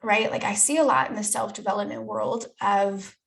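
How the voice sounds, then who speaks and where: A woman's voice: mid-range voice, steady tone, moderate pace, fairly bright tone, rough recording. A woman coach giving a live online talk in a casual, candid way, swearing freely and asking rhetorical questions. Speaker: dating and self-development coach.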